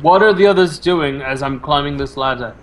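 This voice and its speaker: A laid-back man talks through his moves in a tabletop game over a voice call, swearing casually. His voice sits a little high. A faint hiss of background noise runs under him. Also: fairly quick. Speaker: player.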